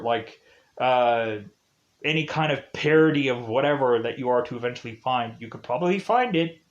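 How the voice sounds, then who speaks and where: A man's voice: mid-range voice, highs cut off. A man giving a casual, rambling film review, full of "like" and "uh". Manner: rambling, heavy use of "like" and "uh".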